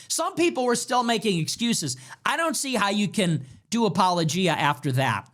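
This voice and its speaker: A man's voice: high-pitched, fairly bright tone. A man giving impassioned political commentary, indignant and moralizing, with many rhetorical questions.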